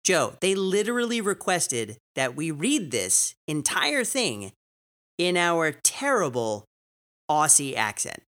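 A man's voice: on the high side, huge pitch swings, slow, a bit bright. A young man co-hosting a gaming podcast in a casual, wry, easygoing way. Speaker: podcast co-host.

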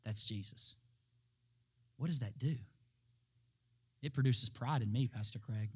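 A man preaching a sermon, emphatic and full of rhetorical questions, laughing at times and building up to shouted peaks. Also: medium pitch, unhurried, husky.

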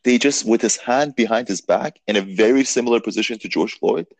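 Husky-voiced man telling a story. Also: medium pitch, a little fast, dry recording. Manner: animated storytelling, filler-heavy, swears. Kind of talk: casual podcast conversation.

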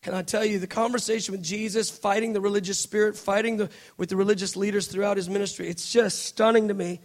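A male preacher delivers a passionate sermon. His voice sits very high for a man. He moves between soft, hushed passages and loud, shouted emphasis. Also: steady tone, fast talker.

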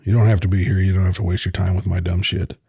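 Gravelly-voiced man, blunt podcast monologue. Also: deep voice, flat delivery, fast talker, warm tone, no room sound, clean studio sound. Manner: blunt and profane, earnest and reflective. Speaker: podcast host. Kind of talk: casual solo monologue.

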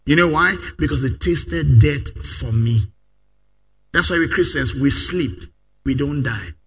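A man preaching a sermon, leading the congregation in call-and-response and rising to loud declarations. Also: medium pitch, slow, slightly rough.

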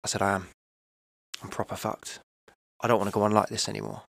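Gravelly-voiced man telling a raw story. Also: on the low side, flat delivery, fast, fairly bright tone, no room sound. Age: 30s. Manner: emotional, rambling, repeats "right?" and "you know". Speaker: podcast guest. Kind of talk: candid personal storytelling.

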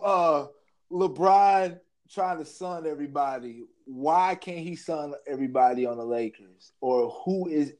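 A man co-hosting a podcast, talking sports in loose, animated chat, laughing often and trailing off mid-sentence. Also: a little high, a little slow. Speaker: podcast co-host.

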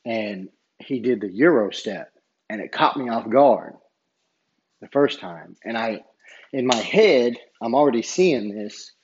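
A man's voice: mid-range voice, lively intonation, measured pace, darkish tone, breathy edge, muffled recording. A man who referees basketball, casually telling a story in a rambling way and retelling each exchange line by line. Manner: rambling, retells dialogue with many "I said".

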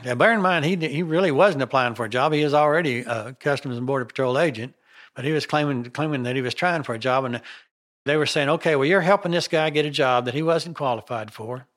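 A man telling his own story in a casual, animated way, often restarting his sentences. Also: on the high side. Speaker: interviewee recounting his story.

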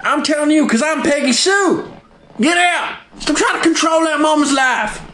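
A man doing a shrill fed-up daughter. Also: normal speed, a crowd in the background. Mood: scolding. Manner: shrill, scolding. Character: shrill middle-aged southern daughter, bossy and fed up. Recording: echoey room.

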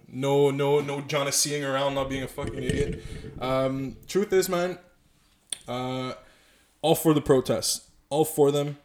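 A man hosting a podcast, talking casually in a halting way with restarts and the odd curse. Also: medium pitch. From Canada. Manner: halting, many fillers and restarts, sometimes swearing. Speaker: podcast host.

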